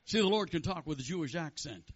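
A man's voice: on the high side, animated, fast talker, husky. A man preaching a sermon and delivering prophetic words, fervently calling out praise and questions to the congregation. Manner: fervent, chanting praise and call-outs. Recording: dull lo-fi sound.

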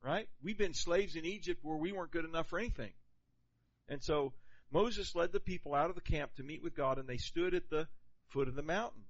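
Man, pastor, higher voice, lively conversational sermon with questions to the crowd, lo-fi recording. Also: fairly quick. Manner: animated, conversational preaching with questions to the congregation. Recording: dull lo-fi sound.

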